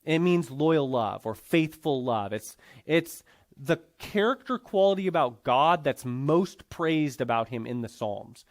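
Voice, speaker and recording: Lively high-voiced man teaching a class. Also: a little slow. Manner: conversational, checks in with students often. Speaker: Bible teacher. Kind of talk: classroom lecture.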